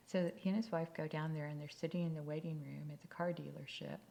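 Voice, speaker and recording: A woman tells a story as part of a sermon in a low, conversational voice with a gravelly edge. She often sinks to a near-whisper for emphasis. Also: a little fast, few pauses, dark tone.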